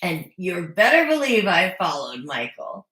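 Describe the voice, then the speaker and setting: A woman's voice: fairly low pitch, very animated, a little slow, fairly bright tone, reverberant. A woman recapping a reality show in a casual, chatty way, opinionated with sarcastic asides. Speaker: recap vlogger. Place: home.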